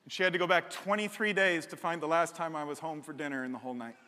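A middle-aged man preaching a sermon as a pastor, animated and joking, building to emphatic repeated lines on a stage microphone. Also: fairly high pitch, quick pace. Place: large church hall. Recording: long hall reverb.

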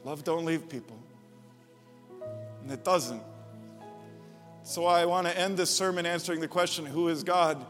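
A man preaching a sermon as pastor, moving from quiet, reflective passages to loud, emphatic repetition. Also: on the high side, normal speed, long pauses, long reverb tail, faint music behind.

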